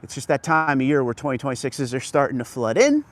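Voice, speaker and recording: A man's voice: mid-range voice, big pitch swings, fast. A man hosting a casual live stream from outdoors on a car dealership lot, chatting and greeting viewers by name as he walks.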